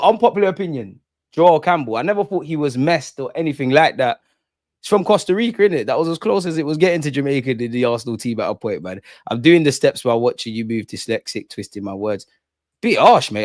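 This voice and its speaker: A man's voice: mid-range voice, brisk, no echo, studio quality. A young man hosting a casual live stream, reading chat comments and ranting with jokes in between. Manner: animated, swings between ranting and joking with chat. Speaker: fan channel host.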